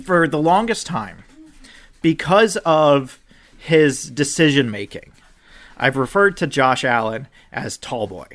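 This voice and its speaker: A man co-hosting a podcast, ranting about football with an animated, swearing delivery that climbs toward near-shouts when he gets upset. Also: medium pitch, takes it slowly. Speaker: podcast co-host. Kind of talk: ranting sports chat.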